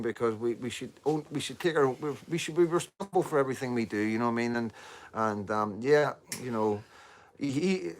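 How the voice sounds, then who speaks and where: A man from Northern Ireland, with a mid-range voice and a Northern Irish accent, chats to viewers on a casual live stream. He rambles, leaning on repeated fillers and dropping the odd swear word, with slight background noise.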